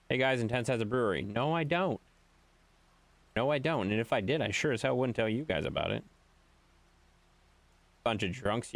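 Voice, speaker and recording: A game streamer with a Wisconsin accent, a man who teases back at his chat and keeps telling them to stop it. His mid-pitched voice swings up and down a lot. The sound is dry and close, with little room. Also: gravelly, dry recording. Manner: playful, mock-exasperated, reads and answers chat. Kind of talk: live-stream chat banter.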